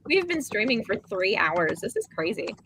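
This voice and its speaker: A woman's voice: medium pitch, very animated, moderate pace, very noisy. A woman chatting casually on a livestream, telling wry stories with laughing asides. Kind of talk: casual chat.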